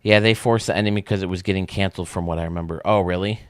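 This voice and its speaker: Blunt, low-voiced man ranting on stream. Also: steady tone, racing, no echo, studio quality. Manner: blunt, ranting, restarts sentences. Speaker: live-stream host. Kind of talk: casual live-stream chat.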